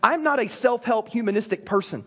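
Pastor, male, very high voice, lively sermon delivery with repeated false starts. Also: a little fast, husky. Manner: animated storytelling with frequent stammered restarts.

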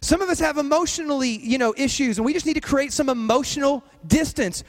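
A man with an unusually high voice delivers a sermon from the pulpit. He leans on repetition and emphatic phrasing. His words ring out into a long, echoing church hall. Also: quick pace. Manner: emphatic, repetitive preaching cadence. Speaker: pastor.

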